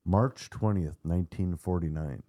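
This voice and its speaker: A man hosting a podcast, narrating a dark story with theatrical suspense and casual asides. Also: low-pitched, moderate pace, dry recording, clean studio sound. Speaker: podcast host.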